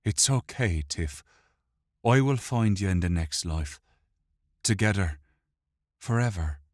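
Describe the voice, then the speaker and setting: A man voicing a calm, resigned condemned man. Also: low-pitched, slow pace, no echo, studio quality. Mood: tender. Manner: calm, gentle.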